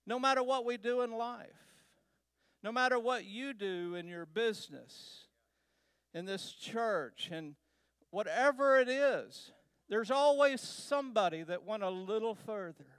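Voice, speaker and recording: A man from Texas, a guest speaker, telling a personal travel story to a church in a slow, unhurried way with pauses. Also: very high-pitched, fairly bright tone, smooth, dry recording. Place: church sanctuary.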